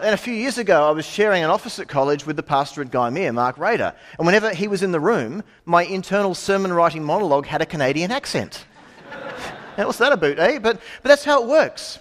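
A middle-aged man delivers a sermon. He sounds conversational, throwing in asides and rhetorical questions. His voice sits slightly high and swings widely in pitch. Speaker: preacher.

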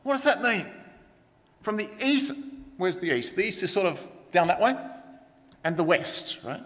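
A middle-aged pastor preaches in a high voice, chatty and direct, with asides to the congregation. The sound rings with the long reverb of a church hall. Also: male voice, sing-song, normal speed, pauses often, fairly bright tone. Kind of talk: sermon.

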